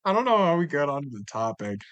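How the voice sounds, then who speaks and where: Laughing, animated storytelling man. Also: a little high, fast talker, clear, resonant tone, lo-fi sound. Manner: animated storyteller, laughs often, playful teasing. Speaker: podcast co-host. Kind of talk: casual storytelling chat.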